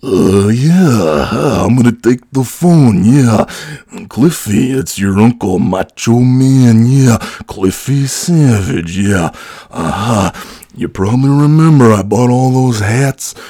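A boastful wrestler uncle who growls out his lines in a dark, gravelly drawl. The recording is dry and close, and he threatens in a showy, theatrical way, in the style of a prank voicemail comedy. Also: medium pitch, lively intonation, slow pace, no echo. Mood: menacing. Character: gruff flamboyant male wrestler uncle, boastful.

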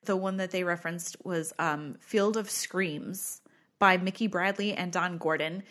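A woman's voice: lowish voice, steady tone, fairly bright tone. Chatty woman podcaster. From United States. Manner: chatty, jokey, quick to exclaim. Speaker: podcast co-host. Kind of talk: casual chat.

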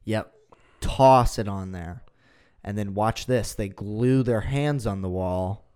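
A man's voice: on the low side, slow, a little mellow, clear, resonant tone. A man hosting a podcast in casual chat, talking in a sarcastic, mocking way. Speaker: podcast host.

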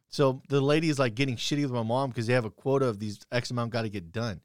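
A man's voice: medium pitch, fairly even intonation, fast talker, hardly any pauses, no room sound, clean studio sound. A young man telling stories bluntly and profanely in casual chat, quoting his own heated retorts.

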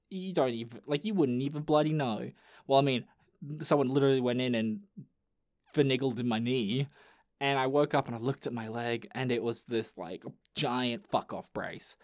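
A man's voice: medium pitch, normal speed. A young man tells a story as a podcast host, in a loose, profane, jokey way with many restarts. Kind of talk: casual storytelling chat.

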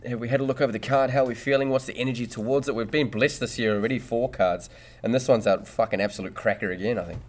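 A man's voice: mid-range voice, steady tone, fast, few pauses. A man hosting a casual podcast, boisterous and joking, swearing freely as he chats with his co-hosts. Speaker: podcast host.

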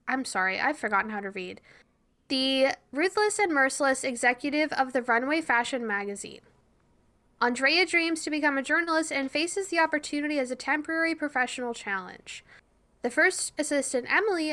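A young woman co-hosting a podcast in casual chat, playful and quick to laugh. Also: sits high, sharp tone. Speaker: podcast co-host.

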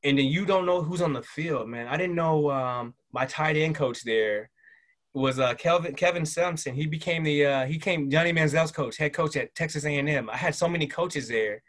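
A man's voice: a little high, normal speed. Rambling middle-aged man telling stories. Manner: relaxed, rambling, many fillers and restarts. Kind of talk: casual interview storytelling.

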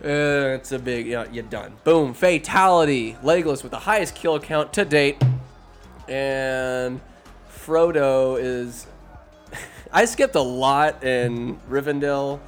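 A man's voice: medium pitch, takes it slowly, faint music behind. A man giving a casual, comedic movie recap, rambling and profane with sarcastic asides.

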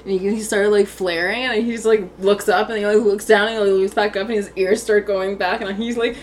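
A woman's voice: medium pitch, fairly even intonation, brisk, a little hiss or hum. A young woman from Canada co-hosting a podcast in casual chat, telling rambling stories, giggling often and swearing freely. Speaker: podcast co-host.

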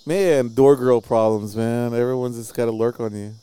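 A man's voice: medium pitch, steady tone, normal speed, mellow. A man hosting a casual podcast, asking questions in a laid-back way and swearing now and then. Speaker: podcast host. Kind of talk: casual chat.

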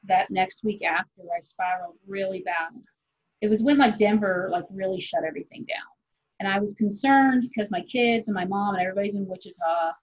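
A woman in her forties talks loosely and candidly, drifting from thought to thought and swearing without a second thought. Her voice is a little husky. The recording sounds dull and lo-fi. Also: medium pitch. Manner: rambling, candid, swears freely, quick laughs. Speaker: comedian guest. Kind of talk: casual podcast chat.

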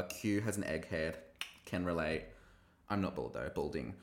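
A man hosting a podcast, recapping a TV episode in a gossipy, animated way and acting out quoted lines. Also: on the low side, normal speed, roomy sound. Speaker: podcast host reviewing a TV episode. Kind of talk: casual recap chat.

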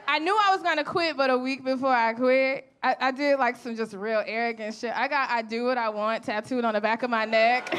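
A woman with a high voice works a comedy club stage, telling her stories in a brash, profane, chatty way. Her voice comes through a stage mic, with faint crowd laughter and room noise underneath. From Chicago. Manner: brash, profane, conversational storytelling. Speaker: stand-up comedian. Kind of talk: stand-up comedy set. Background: audience laughter and room murmur.

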